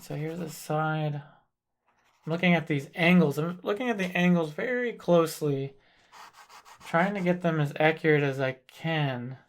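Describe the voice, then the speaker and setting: A painting instructor gives a live demonstration, talking through each step in a slow, calm, deliberate way as if working at the easel and thinking aloud. His voice is fairly high-pitched with a gravelly rasp.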